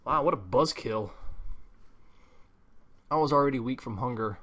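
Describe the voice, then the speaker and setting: A man's voice: mid-range voice, normal speed, fairly bright tone, close to an everyday voice. A man reading as a hungry young explorer who sounds worn out and let down. His delivery is glum and deflated, close to an everyday speaking voice.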